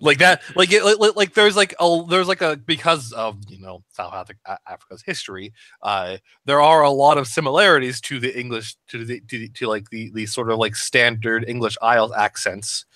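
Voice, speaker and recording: A man who voices characters, talking shop in a casual podcast chat, animated and swearing freely. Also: mid-range voice, normal speed, no echo. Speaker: voice actor discussing his roles.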